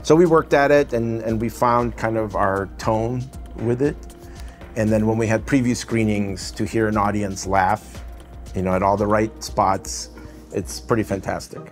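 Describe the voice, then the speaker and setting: Speaking at normal speed in a fairly low, steady voice, a middle-aged man with a Russian accent rambles through a casual interview as an animation director. Faint music sits in the background, and he keeps dropping fillers like "you know" and "right?".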